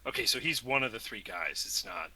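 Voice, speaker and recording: A man playing a tabletop game over voice chat, joking and halting, worn out late at night. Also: fairly low pitch, lively intonation, sharp tone, dry recording, rough recording. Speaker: player. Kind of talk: casual voice chat.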